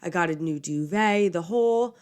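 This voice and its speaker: A woman's voice: on the low side, normal speed, darkish tone, clean tone. A young woman in her twenties hosting a podcast, chatting casually and poking fun at herself, a little under the weather with a slight cold. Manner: chatty, self-mocking, lots of "okay?" and "like". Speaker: podcast host. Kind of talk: casual chat.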